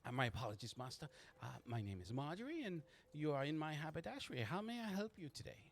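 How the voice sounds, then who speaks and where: A man voicing an older woman shopkeeper who is fussy and flattering, talking in a prim, airy, ingratiating way. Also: fairly high pitch, quick pace, slight background noise, voice pushed up. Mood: fussing.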